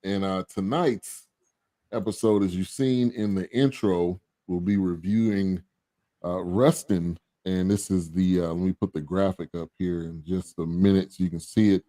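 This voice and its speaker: Laid-back low-voiced man hosting. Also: normal speed, dry recording. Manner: relaxed, laughs often, loose fillers. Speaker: host. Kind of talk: casual podcast chat.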